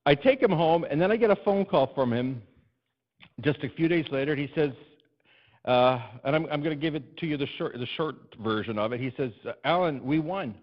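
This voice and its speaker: A man's voice: fairly high pitch, lively intonation, brisk. Man preaching a story-driven sermon, lo-fi. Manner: emphatic, building to loud repeated refrains. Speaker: pastor. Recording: dull lo-fi recording.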